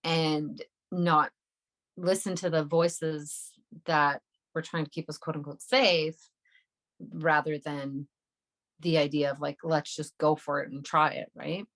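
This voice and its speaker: Woman with a lowish voice on a podcast, says like a lot, thinking out loud. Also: steady tone, takes it slowly. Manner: reflective, fills talk with "like". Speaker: podcast co-host. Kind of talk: casual podcast chat.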